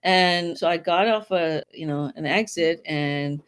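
A woman hosting a casual interview, telling a story in lively, quick bursts and laughing often. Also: lowish voice, smooth.

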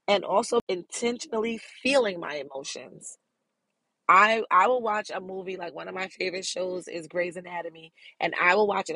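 A woman's voice: medium pitch, fairly bright tone, no room sound. A middle-aged woman hosting a podcast, talking candidly and casually about self-care, laughing often as she goes. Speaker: podcast host.

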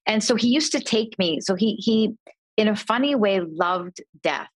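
A middle-aged woman speaks as a podcast guest, spinning a personal story with lively quoted voices. Her pitch sits in a middle range. The recording is dry and close, with no room sound. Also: moderate pace, husky, no room sound. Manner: animated storyteller, voices quoted family members. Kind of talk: conversational storytelling.

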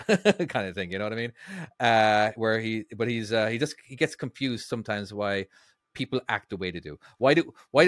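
A man's voice: medium pitch, dry recording, clean studio sound. A man co-hosting a casual podcast, rambling with many restarts and frequent laughter. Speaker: podcast co-host.

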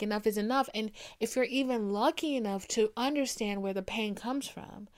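Young woman, podcast host, casual monologue, blunt and emphatic, fairly high voice. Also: darkish tone. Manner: candid, emphatic, swears freely.

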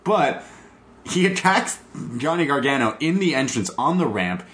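A man hosting a podcast, excitedly recapping a wrestling show in casual chat, swearing and laughing. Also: medium pitch, moderate pace. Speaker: podcast host.

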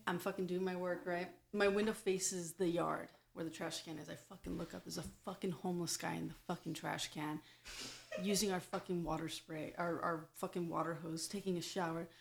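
A woman's voice: fairly low pitch, steady tone, a little fast, gravelly. A woman from California co-hosting a podcast in casual chat, loose and swearing constantly as she tells stories. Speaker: podcast co-host.

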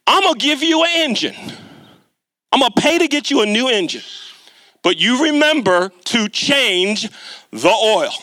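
A stern, patient father lectures his college son in a firm voice, as a preacher quotes him. The voice is very high and bright, and the sound is dry and close. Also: sing-song, moderate pace, pauses often, no echo, exaggerated voice.

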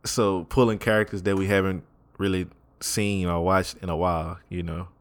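Laid-back deep-voiced young man. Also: level tone, moderate pace, no echo. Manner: laid-back, slangy, laughs often. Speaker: podcast co-host. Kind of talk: casual podcast chat.

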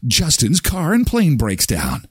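A man's voice: on the high side, wildly swooping pitch, measured pace, slightly rough, no room sound, clean studio sound. A man hosting a morning show, commenting on news clips with joking, mocking asides. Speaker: host.

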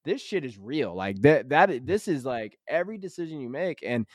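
A man co-hosting a dads' podcast, talking loosely in casual chat. He rambles, restarts his sentences and leans on filler words, earnest and emphatic. His voice is mid-pitched and recorded dry and close. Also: very animated, normal speed, dry recording. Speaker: podcast co-host; high school psychology teacher.

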